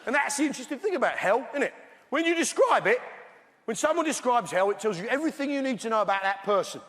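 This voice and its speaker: A man's voice: very high-pitched, lively intonation, fast. A British man doing a stand-up routine on a theatre stage, brash and talking straight to the crowd. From Britain. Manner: brash, addresses the crowd directly. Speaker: stand-up comedian. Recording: echoey theatre, loud audience noise.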